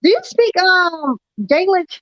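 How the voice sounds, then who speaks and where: A woman co-hosting a casual chat show, loud and giggly, swearing freely. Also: very high voice, expressive, unhurried, no room sound, lo-fi sound. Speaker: podcast co-host.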